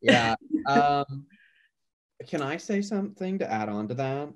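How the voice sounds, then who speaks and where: Lively young man, laid-back podcast banter. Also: fairly high pitch, a little slow, crowd noise. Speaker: podcast co-host. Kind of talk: casual chat.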